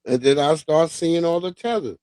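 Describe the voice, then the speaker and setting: A man hosting a livestream, chatting casually with animated, profane storytelling and laughs. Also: a little high, normal speed, clean tone, no echo. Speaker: livestream host. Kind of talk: casual commentary.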